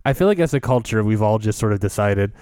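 A man's voice: on the low side, lively intonation, quick pace, warm tone, smooth, dry recording. A man co-hosting a podcast in casual chat, rambling and laughing often as he talks. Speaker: podcast co-host.

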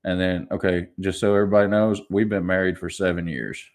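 Rambling low-voiced man in his twenties. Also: flat delivery, quick pace. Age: 20s. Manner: rambling, chuckling, restarts often. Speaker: podcast host. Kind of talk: casual solo podcast storytelling.

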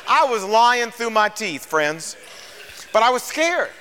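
High, bright-voiced older male preacher. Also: slow pace, smooth, in a large hall. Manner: animated storyteller, acts out dialogue. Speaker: radio preacher. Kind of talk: sermon testimony storytelling.

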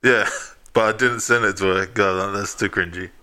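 A podcast co-host with a lowish, bright and forceful voice tells sheepish, self-mocking stories about himself amid lots of laughter. His intonation is fairly even and his pace moderate in this casual banter, recorded with a clean tone.

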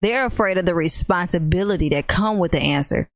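A woman's voice: on the low side, fairly quick, no echo. A woman, a podcast guest talking candidly and emphatically, repeating her points. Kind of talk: casual podcast chat.

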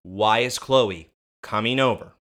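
A man co-hosting a casual podcast, recapping a TV episode and acting out the characters' lines. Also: unhurried. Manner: animated, acts out characters' lines in a higher voice. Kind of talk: casual chat.

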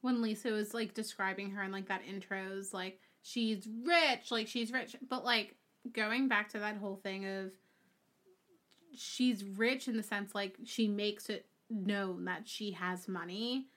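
A young woman co-hosting a podcast in relaxed, agreeable chat with many fillers. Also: mid-range voice, measured pace. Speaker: podcast co-host. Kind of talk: casual chat.

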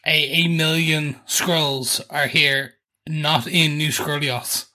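A man co-hosting a podcast, animated and jokey, musing aloud with questions in casual chat. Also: on the high side, slow. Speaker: podcast co-host.

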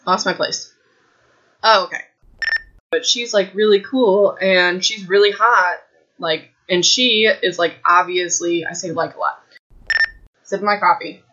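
Chatty woman with a bright voice. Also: on the low side, steady tone, measured pace, long pauses, lo-fi sound, a little hiss or hum. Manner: chatty, rambling, self-deprecating asides. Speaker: podcast host. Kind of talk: casual book recap podcast. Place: home room. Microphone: desk mic.

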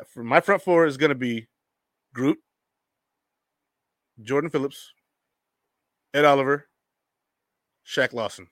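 An animated, joking man runs a laid-back sports show, answering comments from viewers in quick bursts of energy. He has a bright, forceful voice that shifts from loud gags to quiet asides, captured in dry, close sound with no room sound.

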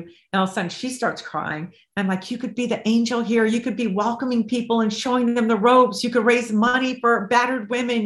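A middle-aged woman, a life coach and interview guest, telling a story with lively, expressive acted-out dialogue. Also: on the high side. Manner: acts out both sides of remembered dialogue, lively and expressive. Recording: roomy echo.

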